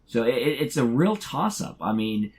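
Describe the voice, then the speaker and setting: A man's voice: mid-range voice, very animated, darkish tone. A man co-hosting a casual gaming podcast, talking with many restarts. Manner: halting, many restarts and fillers. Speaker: podcast co-host. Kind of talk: casual chat.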